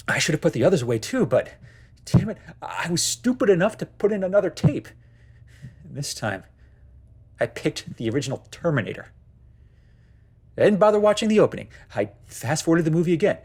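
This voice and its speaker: Man, husky voice, horror story narration, lively expressive pitch, tense delivery.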